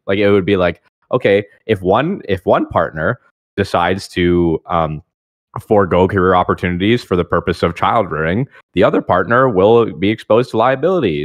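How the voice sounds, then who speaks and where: A man with a very low voice on a live debate stream, recorded dry and close. He rambles casually and swears freely as he lays out his idea. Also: lively intonation, brisk, no echo.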